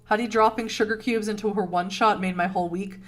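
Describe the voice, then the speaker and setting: A Boston woman with a local accent hosts a casual livestream, rambling through answers to her chat and laughing a lot. She talks fast in a mid-range, steady voice, with faint music behind her.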